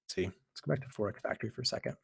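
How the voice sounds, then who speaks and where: A man hosts a live market stream in a casual, rambling way, with plenty of fillers and restarts. His voice is hoarse from hours of talking. It sits at a middle pitch. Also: very fast, fairly bright tone. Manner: casual, repeats himself, many fillers. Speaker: host of a live trading stream.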